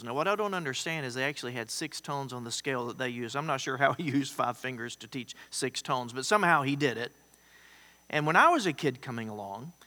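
Emphatic preaching man, bright voice. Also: medium pitch, in a large hall. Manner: emphatic, conversational, with rising exclamations. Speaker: pastor. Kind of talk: sermon.

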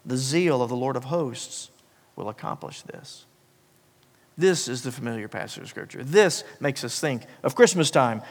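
A man's voice: big pitch swings, normal speed. Man preaching in a reverberant hall. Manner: dynamic preaching, swinging from loud emphasis to hushed low passages. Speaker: pastor. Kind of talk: sermon.

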